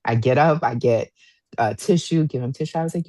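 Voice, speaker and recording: A woman in her thirties co-hosting a podcast, telling a story in a casual, animated way and acting out what people said. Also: extremely low pitch, a little fast, no room sound. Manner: animated storyteller, acts out quotes, says "y'all". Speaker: podcast co-host.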